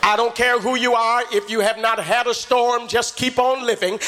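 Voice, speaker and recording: A man a sermon, shouting and half-singing his lines in a rising preacher's cadence. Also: extremely high pitch, steady tone, normal speed, a faint crowd, a little hiss or hum.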